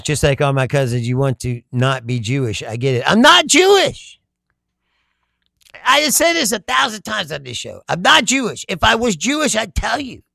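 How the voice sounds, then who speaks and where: A man's voice: on the high side, creaky, sharp tone, no echo. A man hosting a casual livestream, reading viewer comments aloud, laughing often and swearing freely. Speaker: livestream host.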